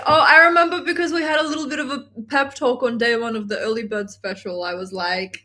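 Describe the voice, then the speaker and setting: A woman manifestation coach on a live stream, reading chat comments aloud in an animated, gushing way and swearing casually from her home workspace. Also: sits high, fast, few pauses.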